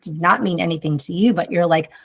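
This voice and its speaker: A woman speaking as a guest in a relaxed, rambling conversation. Her voice is fairly low with a gravelly, fry-laden texture. She talks reflectively and fills her sentences with "like". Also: fast talker. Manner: rambling, heavy use of "like", reflective. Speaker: podcast guest, mother. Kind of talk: casual conversation.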